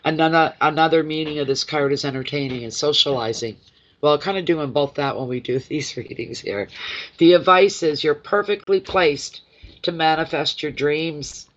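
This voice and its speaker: A man's voice: on the high side, moderate pace, a bit bright. A man giving a live-stream tarot reading, chatting with viewers by name in an effusive, emotional way. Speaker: tarot reader. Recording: dull lo-fi sound.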